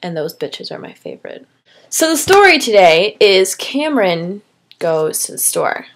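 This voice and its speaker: A woman's voice: medium pitch, big pitch swings, a little slow, creaky. Rambling, swearing woman telling a story. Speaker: vlogger telling a made-up story. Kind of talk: casual storytelling.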